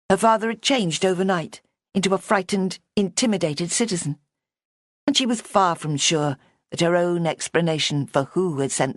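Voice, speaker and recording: In a dry, studio-quality recording, a woman reads a mystery audiobook as scripted narration. Her fairly low voice stays measured and even throughout.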